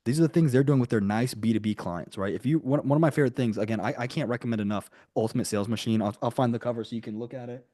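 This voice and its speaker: A man running a live online coaching lesson for business owners, talking in an energetic, chatty way with many asides. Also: mid-range voice, rapid-fire, few pauses, no room sound, studio quality.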